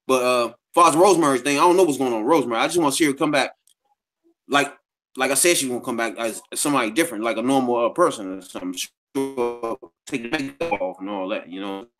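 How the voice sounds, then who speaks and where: A man's voice: medium pitch, fast talker, a bit bright, soft background music. A man co-hosting a podcast in a casual chat, talking in a loose, slangy way with lots of repeated filler phrases. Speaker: podcast co-host.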